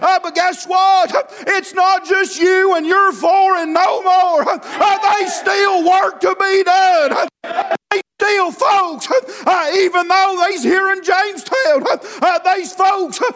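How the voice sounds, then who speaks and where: A man preaching a sermon with fervor, often shouting and filling his pauses with constant "uh, uh". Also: very high voice, steady tone. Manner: fervent, often shouting, with constant "uh, uh" between phrases.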